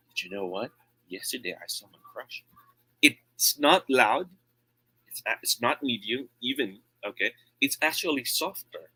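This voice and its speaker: Bright Filipino man teaching speech. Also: medium pitch, husky, dry recording, rough recording. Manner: switches often between English and Tagalog, checks in with frequent "okay?"; demonstrates loud and soft volume while teaching. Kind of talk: online tutorial lesson.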